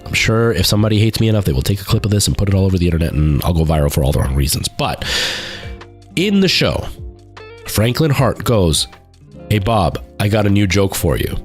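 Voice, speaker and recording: A man with a lowish voice chats loosely on his stream, circling back and restarting his sentences as he tells a story. Faint music plays quietly behind him. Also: sing-song, fast. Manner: rambling storytelling with many fillers and restarts. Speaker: live streamer. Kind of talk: casual chat.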